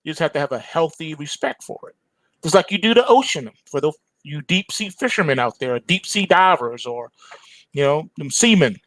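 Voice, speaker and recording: A man's voice: fairly high pitch, expressive, a little fast, fairly bright tone, no echo. A man hosting a trading show, giving an emphatic, preachy market commentary full of slang and repetition.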